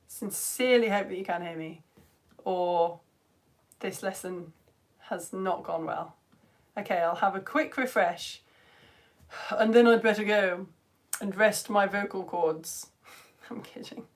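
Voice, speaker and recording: A woman, hosting a live science stream and chatting excitedly with viewers, her voice a little tired. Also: mid-range voice, measured pace, long pauses. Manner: animated, reads comments aloud, jumps between loud greetings and quiet asides. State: tired voice at end of term. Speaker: science show presenter.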